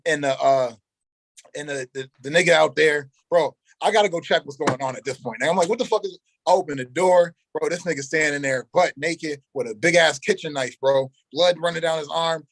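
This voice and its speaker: A young man telling a long story as an interview guest, animated, in heavy street slang, and acting out the quoted dialogue. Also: fairly high pitch, fairly quick, slight background noise, low-quality recording. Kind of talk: casual storytelling.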